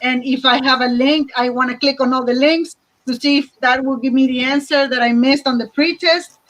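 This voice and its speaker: A woman's voice: sits high, fairly bright tone, poor audio. A woman teacher in a casual group discussion, earnestly talking through her worries step by step.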